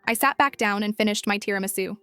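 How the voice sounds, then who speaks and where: Woman, storyteller, even and measured read, soft music bed underneath. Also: medium pitch, smooth, dry recording. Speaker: narrator. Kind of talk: first-person story narration.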